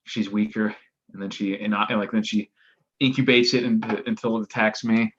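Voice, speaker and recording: A man's voice: on the low side, fairly even intonation, fairly quick, fairly bright tone, lo-fi sound, a little hiss or hum. A man with a stuffy nose, casually co-hosting a live-streamed talk show. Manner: easygoing, chatty. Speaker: podcast co-host.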